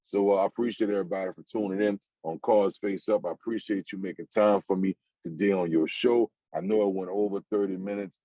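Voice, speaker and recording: Laid-back New Orleans rapper, low voice. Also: male voice, steady tone, quick pace, hardly any pauses, no echo. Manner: laid-back street slang, repeats "you heard me". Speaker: rapper guest. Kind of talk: casual interview sign-off. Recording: muffled lo-fi audio.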